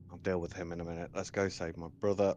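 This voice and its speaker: A man playing his character in a tabletop game, slow and hesitant. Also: deep voice, a little mellow, a little hiss or hum. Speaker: player. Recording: dull lo-fi audio, faint music.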